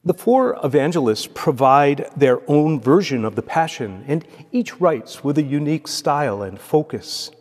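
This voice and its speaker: Solemn priest in a reverberant church. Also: male voice, on the high side, animated, darkish tone. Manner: measured, solemn liturgical delivery. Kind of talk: reading scripture aloud and preaching. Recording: long echoey church reverb.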